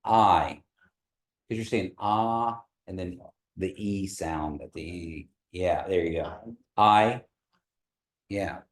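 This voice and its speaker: Male teacher with a lower voice, runs a patient repeat-after-me drill in a classroom. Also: a little mellow. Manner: patient, models sounds slowly and has the class repeat. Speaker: language teacher. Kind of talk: classroom pronunciation lesson. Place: classroom with a group of learners.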